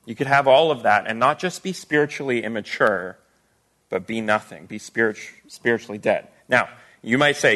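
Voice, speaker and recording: Male pastor, mid-pitch, conversational sermon delivery, keeps checking in with the congregation. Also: normal speed, fairly bright tone. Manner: conversational teaching with rhetorical questions.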